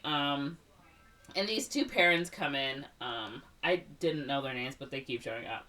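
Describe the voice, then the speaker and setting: A woman's voice: a bass voice, a little slow, recorded from a distance. A young woman on a podcast casually retelling a movie, rambling with lots of fillers and little put-on voices for the characters. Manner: rambling, filler-heavy recap with animated quoted voices. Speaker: podcast co-host retelling a film. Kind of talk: casual chat.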